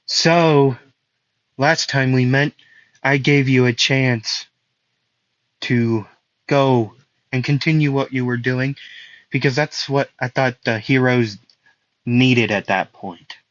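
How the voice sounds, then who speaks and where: A man voicing a calm, stern young male swordsman hero who speaks slowly and deliberately. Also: mid-range voice, no echo, muffled recording.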